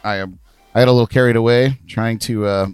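A man hosting a podcast, easygoing and quick to laugh. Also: mid-range voice, fairly even intonation, darkish tone, clean tone, no echo. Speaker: podcast host. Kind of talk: casual podcast chat.

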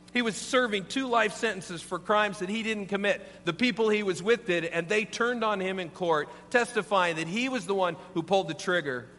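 A man preaching a sermon, telling a story in an earnest, animated way. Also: high voice. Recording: long hall reverb, faint hum.

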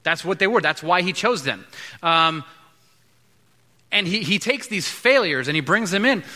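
A man preaching a sermon as pastor, conversational, acting out quick asides between points. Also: high voice, expressive, sharp tone. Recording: long hall reverb.

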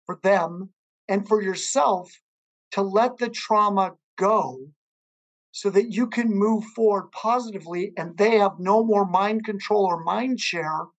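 A male podcast host talks earnestly in a conversational interview. He leans into storytelling and repeats phrases as he works through a point. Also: high voice.

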